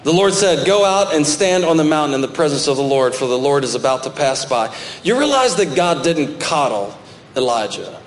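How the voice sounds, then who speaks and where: A male pastor delivers a sermon from the front of a church, reading scripture and then pressing his points with sudden emphatic lifts. His voice sits slightly high for a man. The sanctuary rings with a long, roomy reverb over a faint hum of ambience. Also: expressive, brisk. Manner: preaching with rising emphatic bursts, reading scripture aloud.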